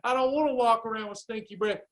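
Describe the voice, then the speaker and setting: A man's voice: very high voice, quick pace, fairly bright tone. A man coaching a live weight loss class, urging listeners on in a fired-up, preacherly way. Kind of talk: live class pep talk.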